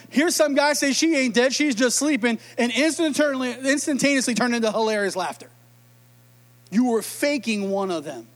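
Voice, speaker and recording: A man preaching a sermon in a humorous, conversational way, acting out quotes. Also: extremely high pitch. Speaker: pastor.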